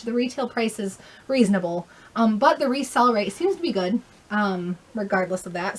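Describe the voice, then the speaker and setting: A woman's voice: fairly high pitch, a bit bright, slight background noise. Chatty young woman, rambling vlog. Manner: chatty, rambling, many fillers and self-corrections. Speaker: vlogger, thrift reseller. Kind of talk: casual haul vlog.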